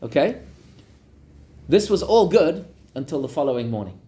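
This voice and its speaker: A man teaching a class as a rabbi, telling a story in an animated way and talking directly to his audience. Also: fairly high pitch, moderate pace. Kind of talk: storytelling lesson.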